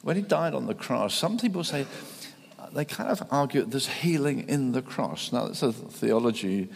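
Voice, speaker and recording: A man preaching a sermon, halting and restarting often, then building to fervent emphasis. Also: medium pitch, lively intonation, creaky, a little hiss or hum. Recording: long reverb in a large hall.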